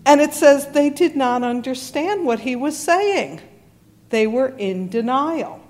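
A woman's voice: sits high, lively intonation, slow, a little mellow. A woman pastor preaching a sermon in a conversational, storytelling way with wry humor.

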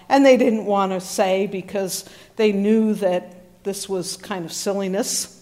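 A woman's voice: medium pitch, fairly even intonation, unhurried, a little mellow. A woman pastor preaching a sermon in a conversational, storytelling way with wry humor.

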